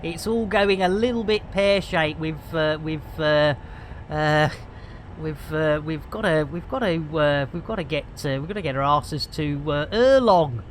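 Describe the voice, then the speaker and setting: A man's voice: fairly high pitch, measured pace, a little hiss or hum. A man giving comic, theatrical commentary while streaming a game. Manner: jokey, theatrical, stand-up patter.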